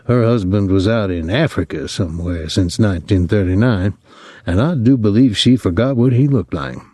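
A man reading as a young soldier from Saint Louis, talking in a soft, lazy drawl with an ironic edge. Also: on the low side, normal speed, husky, dry recording.

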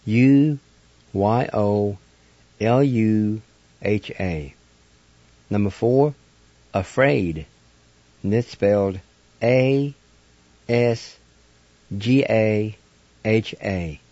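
A man's voice: fairly low pitch, drawn-out words, pauses often, mellow, no room sound, dull audio. A man hosting a radio language lesson, patiently spelling words letter by letter and sounding them out. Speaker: language teacher and radio host. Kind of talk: slow spelled-out pronunciation lesson.

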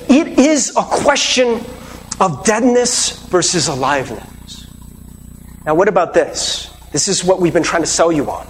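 High-voiced, lively preaching pastor. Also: male voice, measured pace, in a large hall, slight background noise. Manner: earnest, conversational preaching with rhetorical questions and asides. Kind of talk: sermon.

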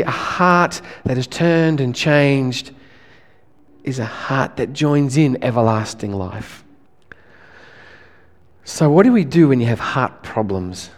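A male pastor, preaching a sermon in a relaxed, conversational way, often restarting his phrases. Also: medium pitch, long reverb tail.

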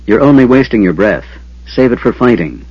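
Man doing a quiet, steady party leader. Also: mid-range voice, slightly rough, no echo. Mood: calm. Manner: quiet and measured. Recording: dull lo-fi.

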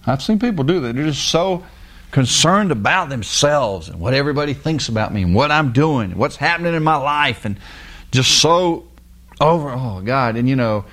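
A man's voice: on the high side, expressive, normal speed, a bit bright. A man preaching a casual, folksy sermon in plain everyday words. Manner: folksy, plain-spoken, mimics people with sing-song voices.

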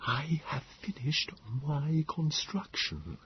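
A man voicing an enigmatic male Morlock who speaks in a slow, hushed near-whisper. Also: on the high side, big pitch swings, muffled recording, a little hiss or hum, pitched above the performer's own voice, heavily acted. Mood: hushed, grave. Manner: very slow, measured speech.

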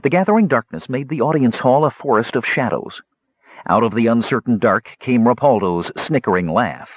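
A man reads a fantasy story aloud in an expressive way, with a lively melody that rises and falls. His voice is husky, and the recording is dry and slightly dull. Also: mid-range voice, normal speed, no room sound. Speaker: audiobook narrator. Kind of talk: scripted narration.

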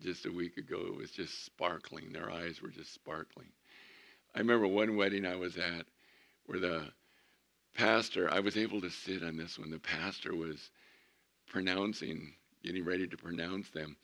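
A man preaching a sermon as pastor, animated, moving between loud emphatic lines and hushed ones. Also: sits low, normal speed, creaky.

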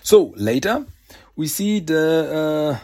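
A man hosting a podcast, casually recapping a comic in a chatty, animated way and slipping into character voices. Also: fairly high pitch, slow pace. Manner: chatty, animated retelling with laughs and voiced asides. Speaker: podcast host.

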